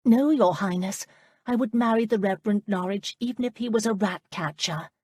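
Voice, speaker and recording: A woman's voice: mid-range voice, moderate pace, mellow, husky, dry recording, pitched above the performer's own voice, natural voice. Woman reading a defiant young lady. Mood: determined. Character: defiant young noblewoman in love.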